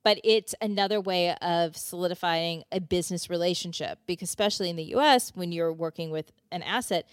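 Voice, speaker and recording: A woman hosting an interview, explaining things in a measured way. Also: on the low side, smooth, no room sound, clean studio sound. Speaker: host, former CIA officer. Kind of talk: podcast interview.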